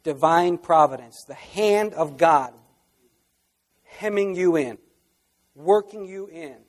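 A high-pitched man delivers a sermon from the pulpit. He moves between hushed asides and loud, fervent outbursts, and a long reverb trails his words through a large hall. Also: takes it slowly. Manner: preaching with sudden loud outbursts. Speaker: pastor.

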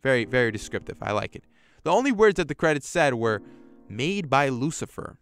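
A man's voice: medium pitch, very animated, fast talker, fairly bright tone, smooth, soft background music. A man casually reads a horror story aloud and adds his own reactions, sometimes swearing. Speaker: YouTube storyteller. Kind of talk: reading a horror story with commentary.

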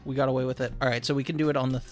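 A man co-hosting a let's-play podcast who plays the game himself, loud and crude, yelling excitedly at the screen. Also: mid-range voice, rapid-fire, soft background music. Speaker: podcast co-host and player. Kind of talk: casual let's-play chat.

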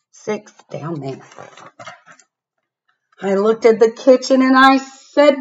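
Woman reading storybook to kids, very lively and slow, engaging, muffled webcam audio. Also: fairly high pitch. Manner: animated, asks the listener to find things. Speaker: storybook reader. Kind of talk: reading a picture book aloud to children. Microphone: laptop webcam.

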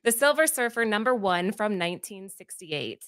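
A woman's voice: medium pitch, lively intonation, moderate pace, a bit bright, no room sound, clean studio sound. A woman co-hosting a comic-book podcast, reading a prepared segment from notes and tripping over names. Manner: reads steadily from notes, stumbles on names. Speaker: podcast co-host.

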